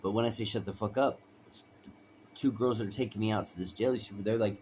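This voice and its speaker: A man's voice: fairly low pitch, a little fast, a little mellow, slight background noise. A man telling his own story in a rambling, emphatic way, often asking "right?". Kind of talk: personal storytelling.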